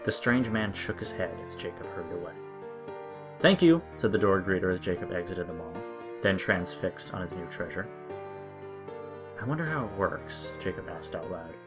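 Man, deep voice, scripted story narration, faint music underneath. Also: fairly even intonation, brisk.

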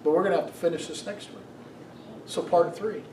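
A middle-aged man preaching a sermon as pastor, telling stories in an animated way and asking the congregation questions. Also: fairly high pitch, a little fast, slight background noise. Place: church sanctuary. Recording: echoey room, mic from a distance.

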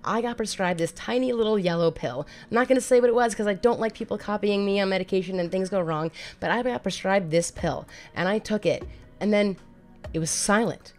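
A woman's voice: mid-range voice, brisk, darkish tone, faint music behind. A woman in her thirties, speaking as a mental health advocate and telling her personal story in a candid, conversational way that often repeats phrases.

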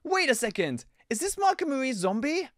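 A young man hosting a game video, giving excitable commentary with frequent laughs and loud squeals. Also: extremely high pitch, brisk, no room sound, studio quality. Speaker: gaming video host.

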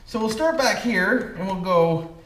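A man's voice: high-pitched, animated, a little slow, a bit bright. Canadian guy tinkering and joking around, voice bounces up and down a lot, echoey room w/ hiss behind. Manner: folksy and joking, keeps saying "boys" and "why wouldn't we". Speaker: hobby channel host. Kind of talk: casual vlog narrating while working on an RC truck. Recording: echoey room with background noise.

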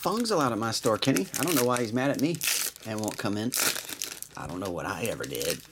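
A man's voice: on the low side, big pitch swings, background noise. A man hosting a live trading card break, reading out players and numbers with dry asides. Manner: unhurried, reads off card numbers with dry jokes.

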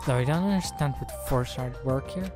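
Low-voiced woman reading a game aloud. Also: fairly quick. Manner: casual, jokey, voices every character. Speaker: let's play host. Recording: voice with game music behind. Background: game music.

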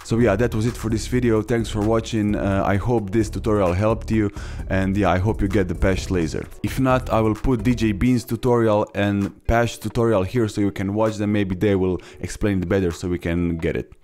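A young man hosting a casual beatbox tutorial, talking haltingly with many fillers and restarts. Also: lowish voice, steady tone, darkish tone, faint music behind. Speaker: beatbox tutorial channel host.

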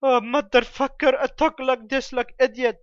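A man's voice: very high voice, fairly even intonation, normal speed. A man talking in broken English during casual game voice chat, tacking a stock phrase onto his sentences and trading playful insults. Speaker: gamer in voice chat. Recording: slightly dull voice-chat audio with faint noise.

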